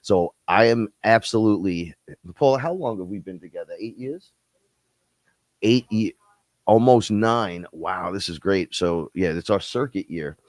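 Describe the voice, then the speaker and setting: A man's voice: measured pace, no room sound. A middle-aged man co-hosting a live stream, telling rambling stories with plenty of swearing. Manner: rambling storyteller, swears freely, acts out other people in high voices. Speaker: podcast co-host. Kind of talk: casual live-stream chat.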